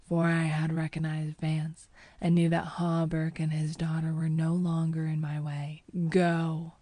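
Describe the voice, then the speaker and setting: A woman narrating an audiobook in the first person, her reading measured and even. Her voice sits low and mellow with very little rise and fall. The recording is dry and close. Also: no echo.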